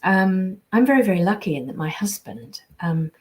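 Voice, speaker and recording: A woman's voice: medium pitch, very animated, moderate pace, a little mellow. A British woman, a voice actress, chatting casually on a live signing stream, reading out viewer comments and answering them. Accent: British English.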